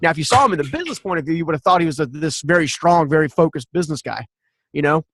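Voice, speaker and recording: A man in his forties talks through a personal story as a podcast guest, earnest and animated, circling back to restart his sentences. His voice sits a touch high for a man. The sound is dry and close, with no room echo. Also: very fast. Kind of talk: personal storytelling in a conversational interview.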